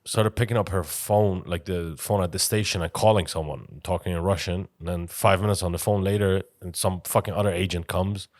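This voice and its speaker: A man's voice: deep voice, steady tone, a little fast, hardly any pauses, dry recording, studio quality. A young man from Iran with a mixed Iranian-English accent, co-hosting a podcast and telling stories animatedly, swearing freely. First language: Farsi. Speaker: podcast co-host. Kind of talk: casual storytelling chat.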